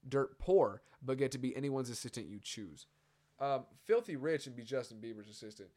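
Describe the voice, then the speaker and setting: A man's voice: medium pitch, normal speed, dark tone. A young man hosting a casual solo podcast, rambling and profane with lots of fillers and asides. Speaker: podcast host.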